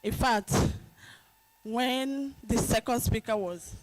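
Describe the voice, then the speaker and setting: A woman's voice: on the high side, slow, slight background noise, poor audio. A woman, a parent, giving a candid and self-critical testimony at a summit mic. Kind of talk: audience testimony.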